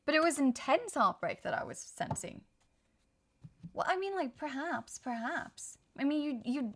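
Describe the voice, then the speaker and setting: A young woman giving a casual tarot reading, rambling and interrupting herself with bursts of frustration. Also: a little high. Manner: rambling, self-interrupting, animated. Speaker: tarot reader.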